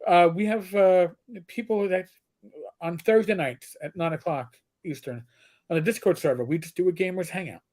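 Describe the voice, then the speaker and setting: A man in his fifties hosting a casual livestream chat, telling stories in an animated, rambling way with many restarts. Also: sits high, normal speed. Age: 50s. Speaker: host.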